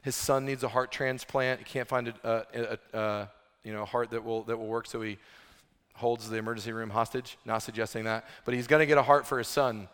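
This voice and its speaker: A man's voice: mid-range voice, flat delivery, brisk, a bit bright, clean tone. Man preaching a chatty sermon in a reverberant hall. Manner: conversational, lots of "like" fillers and restarts. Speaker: pastor. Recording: long reverb of a large hall.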